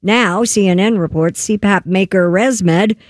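A woman reads news stories on a morning radio show in a brisk, practiced newsreader rhythm and laughs along with her co-hosts. Her voice sits at a middle pitch. It is close and dry in a studio. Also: no echo. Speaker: radio show co-host reading news items.

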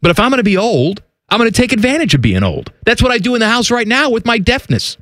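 A man's voice: extremely high pitch, fast talker, no room sound, clean studio sound. A middle-aged man co-hosting a radio show, joking and telling stories in casual banter. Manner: joking, animated storyteller. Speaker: radio co-host. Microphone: studio microphone with headphones.

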